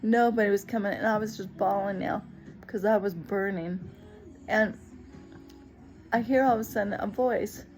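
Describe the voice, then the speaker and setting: A woman telling a personal story in a lively, expressive way, acting out other people's lines as she goes. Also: mid-range voice, normal speed, pauses often, faint music behind, poor audio. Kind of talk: personal story told to the camera.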